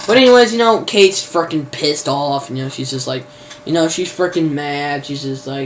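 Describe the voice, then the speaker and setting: A man's voice: on the high side, moderate pace, slight background noise. A man giving a casual, rambling plot recap, full of fillers and mild cursing. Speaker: video reviewer.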